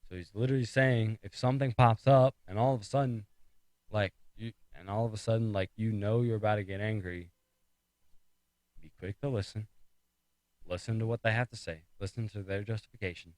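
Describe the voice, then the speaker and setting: Low-voiced man giving a rambling faith talk. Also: steady tone, fairly quick, a little mellow, no echo, low-quality recording. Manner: rambling, fillers and restarts, retelling a story; repeats phrases for emphasis. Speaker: speaker of a faith talk series. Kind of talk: casual devotional talk.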